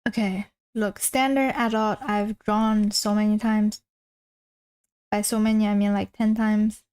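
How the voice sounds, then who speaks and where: A woman's voice: mid-range voice, little pitch movement, a little slow, a little mellow, smooth, low-quality recording. A woman streamer chatting casually while drawing, rambling and self-deprecating, often trailing off mid-sentence. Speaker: art streamer.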